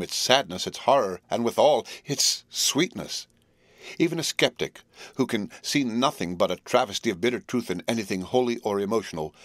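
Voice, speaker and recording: A man reads a classic novel aloud in a measured, solemn way. His voice is fairly low and recorded close, with no room sound at all. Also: dry recording. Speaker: audiobook narrator. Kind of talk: scripted narration.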